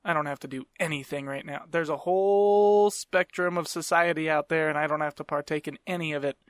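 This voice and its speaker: Brief: young man, slightly high voice, swearing casual storyteller, dry close mic. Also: steady tone, a little fast, no room sound. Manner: profane, rambling, self-mocking. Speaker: podcast host.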